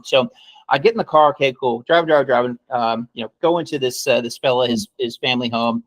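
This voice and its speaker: A man's voice: mid-range voice, fast, no echo. A man co-hosting a podcast, telling a long, rambling story full of swearing and asides like "okay?". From United States. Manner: rambling, swears freely, keeps adding "okay?". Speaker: podcast co-host. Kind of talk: casual storytelling chat.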